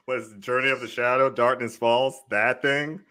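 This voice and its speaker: A man's voice: medium pitch, steady tone, normal speed, crowd noise. A man cracking crude jokes in casual banter, mocking the host and slipping into silly voices. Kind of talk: joking banter.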